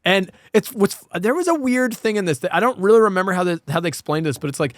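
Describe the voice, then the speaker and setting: A man's voice: high voice, expressive, quick pace, hardly any pauses, no room sound. A man hosting a casual podcast, rambling and swearing with lots of fillers. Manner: rambling, profane, many fillers. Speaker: podcast host.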